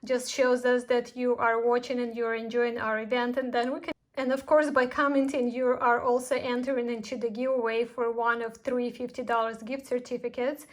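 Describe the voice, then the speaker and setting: A woman's voice: fairly high pitch, level tone, normal speed, few pauses. A woman who runs a craft shop, chatting casually to viewers with announcements and heartfelt thanks. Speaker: craft shop owner hosting a tutorial event. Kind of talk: casual tutorial sign-off and announcements.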